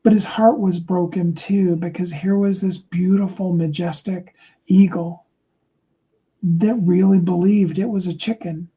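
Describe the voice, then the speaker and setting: A man giving a motivational talk, telling a story slowly and deliberately, with many fillers and restarts. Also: high-pitched, steady tone, dark tone, slightly rough, highs cut off. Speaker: motivational speaker.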